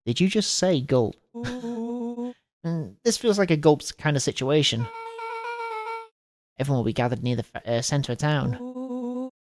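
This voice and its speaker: Low-voiced jokey woman streamer. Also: sing-song, a little slow, pauses often, a little mellow, dry recording. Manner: jokey, laughs often, reads kids' lines with voices. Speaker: streamer playing the game. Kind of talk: playful let's-play commentary and character reading.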